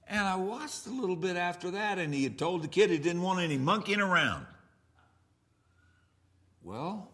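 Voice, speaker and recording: A man preaching a revival sermon as pastor, telling stories and swinging from loud outbursts to hushed asides. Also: high-pitched.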